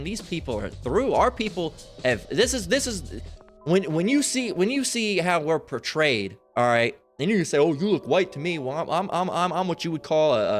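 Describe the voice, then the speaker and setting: A man's voice: a little high, a bit bright. A man giving rambling scripture commentary, profane and emphatic, with many restarts and tag questions. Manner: profane, emphatic, full of restarts and "all right?". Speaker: religious commentator.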